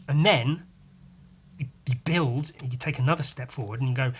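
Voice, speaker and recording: A man's voice: mid-range voice, normal speed, husky. A man hosting a podcast, ranting casually and profanely with lots of restarts and self-deprecating jokes. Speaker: podcast host. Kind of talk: casual monologue.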